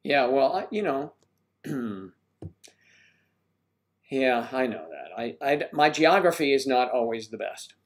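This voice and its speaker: Brief: older male host, mid-pitched, jokey and rambling, reads chat, clears his throat. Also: animated, slow, pauses often. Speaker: host of a livestream. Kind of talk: casual live chat reading viewer comments.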